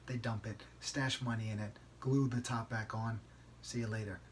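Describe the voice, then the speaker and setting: A man's voice: fairly low pitch, steady tone, moderate pace, a little hiss or hum. Emphatic man telling a story. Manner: conversational, keeps asking "right?"; emphatic, outraged. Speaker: podcast host. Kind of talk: solo podcast storytelling.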